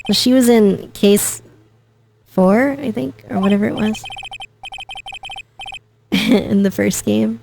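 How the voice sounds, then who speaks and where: A woman's voice: medium pitch, slow pace, gravelly, pauses often, a little mellow, a little hiss or hum. A young adult woman streamer giving casual, giggly, chatty commentary while playing a game.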